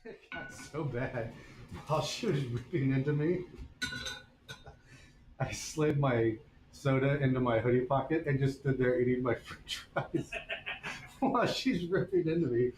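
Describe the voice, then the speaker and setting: A man's voice: medium pitch, unhurried, pauses often, darkish tone. A man blacksmith streamer casually telling a story while working in his workshop, in a wry, anecdotal way. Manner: laid-back, wry anecdotal delivery. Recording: echoey workshop with faint ambient noise.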